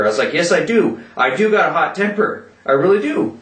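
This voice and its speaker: A man ranting loudly in a vlog, cursing constantly and yelling as he talks, in a roomy echo from a distant mic. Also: fairly high pitch, animated, a little fast, hardly any pauses. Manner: profane, loud, yelling rant. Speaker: vlogger.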